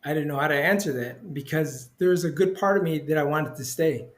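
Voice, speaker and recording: A middle-aged man recounts his experience in loose, casual speech, circling back and padding his sentences with fillers. His voice sits a little higher than most men's. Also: brisk. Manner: rambling, many fillers like "you know"; acts out quoted voices with big pitch jumps. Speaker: interview guest, spiritual healer. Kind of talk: casual storytelling.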